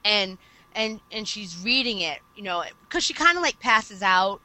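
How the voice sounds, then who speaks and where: Bright-voiced woman retelling a story. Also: mid-range voice, moderate pace, dry recording, low-quality recording. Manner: animated storytelling, recounting anime plot at length. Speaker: podcast co-host. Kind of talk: casual chat.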